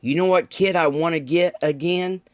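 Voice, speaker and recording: A man's voice: on the high side, fairly even intonation, moderate pace, no echo, clean studio sound. A man chatting casually with viewers while building model cars, rambling and laid-back with lots of ums. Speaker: model car builder streaming live. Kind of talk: casual live-stream chat.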